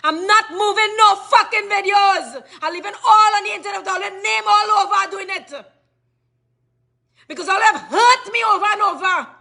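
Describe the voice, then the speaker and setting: High, furious Trinidadian woman ranting. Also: normal speed, gravelly, pushed and bright. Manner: furious, cursing, repetitive questioning. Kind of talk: angry rant to camera.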